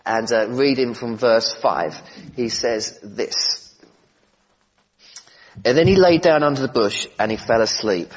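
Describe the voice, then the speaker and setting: A man preaching a sermon in a relaxed, conversational way, with gentle humour and asides to the congregation. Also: medium pitch, unhurried, husky, lo-fi sound.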